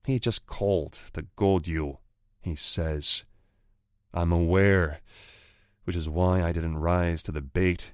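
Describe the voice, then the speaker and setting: A man reads a first-person romance audiobook in a very deep, unhurried voice. His delivery is low and growling, with an edge of menace. The recording is dry and close. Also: a little mellow, dry recording. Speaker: audiobook narrator.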